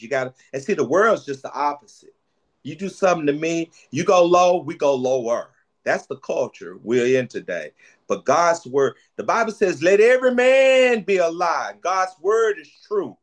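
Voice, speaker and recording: A man preaching a sermon, lively and preacherly, repeating phrases for emphasis. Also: a little high.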